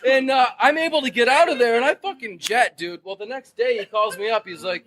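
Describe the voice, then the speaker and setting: A man's voice: very high-pitched, a little fast, few pauses, slight background noise, low-quality recording. A young man from Detroit, a podcast guest telling a wild story in casual, profane talk. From Detroit, Michigan. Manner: profane, animated storyteller, loud when acting out shouts.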